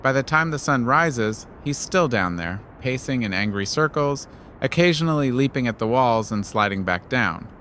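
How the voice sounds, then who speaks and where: A man's voice: medium pitch, expressive, normal speed, fairly bright tone, slight background noise. A man narrating a bedtime story with wry, playful asides.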